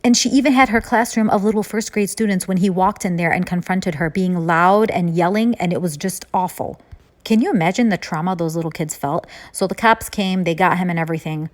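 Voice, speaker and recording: A woman's voice: lowish voice, a little fast. A woman, a former teacher, telling a personal story in an earnest, emphatic way and acting out what she and others said. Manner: earnest, emphatic retelling, acting out her own quoted lines.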